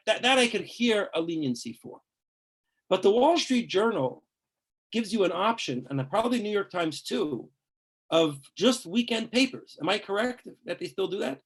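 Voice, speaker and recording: A man's voice: high voice, lively intonation, normal speed. A man, a rabbi, teaching a class on religious law in a conversational, emphatic way, full of asides and rhetorical questions.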